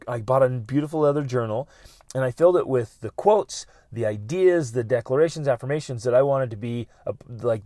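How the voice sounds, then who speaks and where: Middle-aged male podcast host, earnest and self-correcting, mid-pitched voice, dry close mic. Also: a little mellow, no room sound. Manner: earnest, repeats words, many restarts. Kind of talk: motivational podcast talk.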